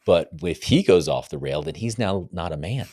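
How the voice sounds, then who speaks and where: A man's voice: sits low, animated, normal speed, warm tone, slightly rough, no room sound, studio quality. A man, a men's coach, guesting on a podcast and explaining ideas reflectively, often checking in with "right?". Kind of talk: casual podcast conversation.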